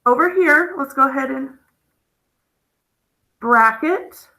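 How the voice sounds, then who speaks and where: A woman's voice: sits high, lively intonation, sharp tone, rough recording. A woman teaching a phonics lesson, patient and explaining step by step, checking in with the class often. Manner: slow, patient, checks in with "okay?".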